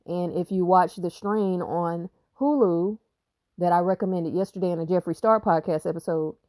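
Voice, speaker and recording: A woman hosting her own podcast as a spiritual reader, talking loosely and cursing freely as she builds her points. Her voice sits low and mellow. The sound is dry and close, with no room around it. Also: steady tone, moderate pace, no echo. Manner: profane, rambling, emphatic storytelling. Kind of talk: casual podcast monologue.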